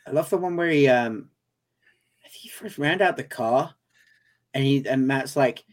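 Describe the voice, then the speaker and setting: A man in a casual podcast chat, excited and restarting his sentences. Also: medium pitch, normal speed. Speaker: podcast co-host.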